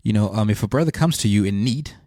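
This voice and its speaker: A man's voice: fairly low pitch, fast, dark tone, dry recording, clean studio sound. A man hosting a podcast, talking earnestly about faith and thinking aloud as he goes. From South Africa. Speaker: podcast host. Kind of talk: reflective faith monologue.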